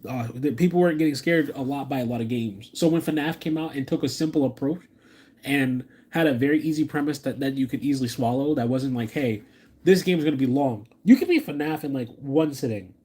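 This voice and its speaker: A man streaming a reaction, rambling and excitable, talking to his chat and restarting his sentences often. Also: mid-range voice, fairly quick, husky. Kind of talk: live stream reaction commentary.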